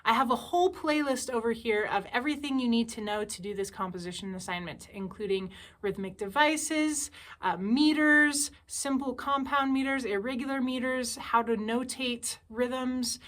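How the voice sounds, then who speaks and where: A woman teaching music theory, talking through a composition step by step, thinking aloud in a tentative, relaxed way. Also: a little high, normal speed, hardly any pauses.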